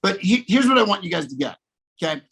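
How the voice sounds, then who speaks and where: A man telling a casual story as a guest speaker on a video call, animated and repeating "okay?" as he goes. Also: high-pitched, fast talker, husky, low-quality recording. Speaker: guest speaker in a sales coaching session.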